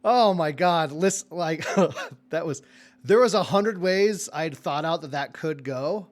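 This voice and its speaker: A young man as dungeon master wrapping up a live tabletop game stream, excitable, laughing and swearing freely. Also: fairly high pitch, slow pace.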